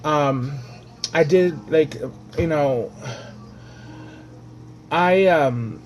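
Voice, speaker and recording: A man vlogging about his own life in a loose, rambling way, his voice sitting a little high for a man. He keeps restarting sentences as he talks. A faint hiss runs under the recording. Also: drawn-out words, low-quality recording. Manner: chatty, rambling storytelling with many restarts. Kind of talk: casual personal vlog.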